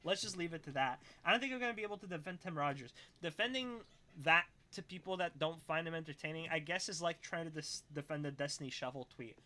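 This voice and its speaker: A man's voice: high voice, pushed and bright. A young man chatting casually on a livestream, reading chat, swearing freely and laughing often as he rambles.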